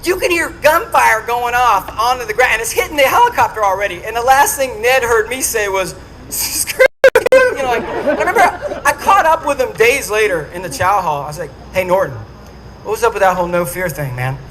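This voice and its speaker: Animated high-voiced man telling a war story. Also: a little fast, over a noisy crowd, very noisy. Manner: animated storyteller who acts out quotes. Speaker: speaker at a charity dinner. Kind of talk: storytelling speech to a dinner audience. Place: dinner venue with an audience.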